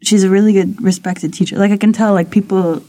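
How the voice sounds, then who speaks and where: Chatty woman telling a story, warm mellow voice, lots of likes and ums. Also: mid-range voice, steady tone, a little fast. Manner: chatty storyteller, many fillers and restarts. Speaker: co-host. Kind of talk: casual chat.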